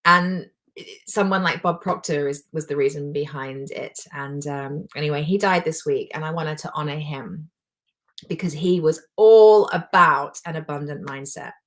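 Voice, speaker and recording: A woman's voice: low voice, moderate pace. A woman, a life coach giving a heartfelt, personal motivational talk to a live audience. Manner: heartfelt, emotional, warmly personal.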